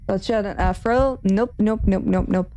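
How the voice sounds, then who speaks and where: A woman streamer giving excited commentary on a game, repeating herself as she points things out. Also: medium pitch, moderate pace, a little hiss or hum.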